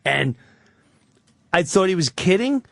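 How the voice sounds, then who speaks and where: A man from Long Island telling an animated story as a guest on a radio talk show, acting out the scene with hushed asides. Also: high-pitched, unhurried, gravelly, no room sound. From Long Island, New York. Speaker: comedian guest.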